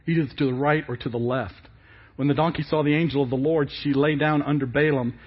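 A male pastor preaching a sermon in an animated way, asking many rhetorical questions. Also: on the high side, slightly rough, highs cut off.

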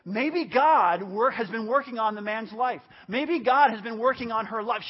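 High-voiced emphatic male pastor in his fifties. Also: moderate pace, few pauses, breathy edge. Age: 50s. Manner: emphatic, repeats phrases for stress. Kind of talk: sermon. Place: church service. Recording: dull lo-fi church audio.

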